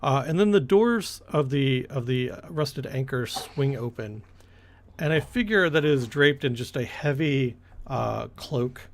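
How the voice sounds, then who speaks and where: A man narrating a tabletop game as game master, rambling with many fillers and restarts. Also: mid-range voice.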